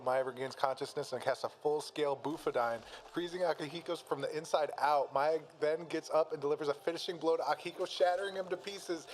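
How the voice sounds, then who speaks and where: A man's voice: a little high, a little hiss or hum, rough recording. A man casually reads battle narration aloud, laughing often and making jokey asides. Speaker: streamer reading a fan-made battle story.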